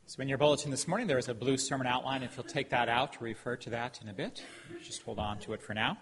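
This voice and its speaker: A middle-aged man preaching a sermon as a pastor, telling a story with emphatic pauses. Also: medium pitch, a bit bright. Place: church sanctuary. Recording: hall reverb, faint background noise.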